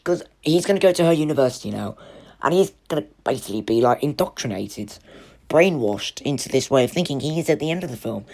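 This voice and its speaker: Chatty movie reviewer, middle pitch, casual spoiler talk. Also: lively intonation, quick pace, creaky, a little mellow. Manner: chatty, lots of "like" and "you know". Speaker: film reviewer.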